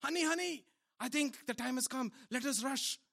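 An anxious young wife, urgent and pleading, her voice pushed up high and loud as a preacher acts her out in a sermon story. The line is quick and insistent, begging her husband to hurry. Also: gravelly, exaggerated voice.

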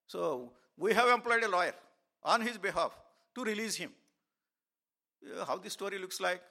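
Gravelly bright-voiced male preacher. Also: high voice, animated, normal speed. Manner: storytelling with many fillers and restarts. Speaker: pastor. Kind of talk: sermon.

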